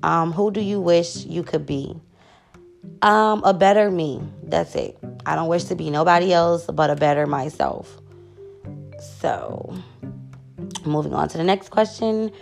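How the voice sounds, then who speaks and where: Slow, gravelly woman in her twenties. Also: fairly low pitch, soft background music. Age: 20s. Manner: hiccupping and burping, excusing herself often. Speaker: vlogger. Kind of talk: casual Q&A chat to camera.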